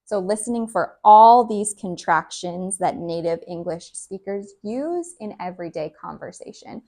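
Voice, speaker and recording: A woman English teacher who explains slowly and clearly and repeats example phrases for learners. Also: mid-range voice, animated, warm tone.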